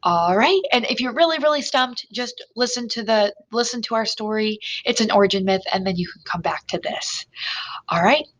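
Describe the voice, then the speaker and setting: A woman's voice: fairly high pitch, low-quality recording. Woman teacher giving an online lesson. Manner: explains slowly with restarts, reads text aloud.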